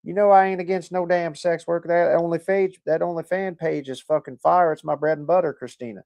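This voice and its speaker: A man's voice: on the high side, fairly even intonation, a little fast, vocal fry, darkish tone, dry recording. A man hosting a livestream, chatting casually and reading viewer comments, rambling, joking and swearing a lot. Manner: laid-back and rambling. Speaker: livestream host.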